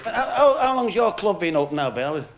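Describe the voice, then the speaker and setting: Male stand-up comic, rambling asides, high voice, laughing crowd, hissy 1970s recording. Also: sing-song, a little fast. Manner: chatty, full of asides like "you know". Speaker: stand-up comedian. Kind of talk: stand-up comedy routine. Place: club stage before a laughing audience.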